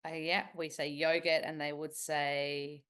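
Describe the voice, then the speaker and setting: A woman's voice: sits low, little pitch movement, a little slow, fairly bright tone, clear, resonant tone. An Australian woman chatting as a podcast guest, telling stories with playful impressions. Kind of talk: casual interview chat.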